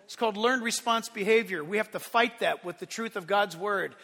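A male pastor delivers a sermon with a high, bright, forceful voice. He rises into emphatic bursts and drops to quiet asides. The sound carries the long reverb of a church hall. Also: brisk, vocal fry.

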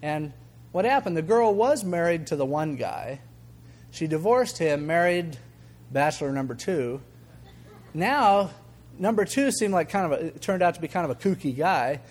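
A man's voice: fairly high pitch, moderate pace. An older man preaching a sermon as a pastor, talking conversationally and acting out the voices in his stories. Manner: conversational, animated, acts out quoted voices, chuckles. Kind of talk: sermon with storytelling.

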